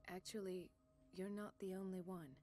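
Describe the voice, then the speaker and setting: An actress playing a calm, authoritative psychiatric doctor with a measured, clinical way of speaking. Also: female voice, lowish voice, faint music behind, lightly acted. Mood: gentle.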